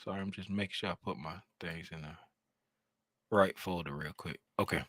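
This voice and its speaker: A man hosting a casual trading livestream from his home desk, rambling and animated, getting loud when he is fired up. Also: low voice, a little fast, no room sound, studio quality.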